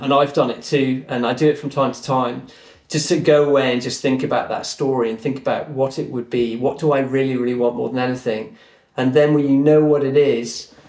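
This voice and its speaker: A man guest on a podcast, telling a story in an earnest, animated way. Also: medium pitch. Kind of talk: conversational storytelling. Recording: roomy echo.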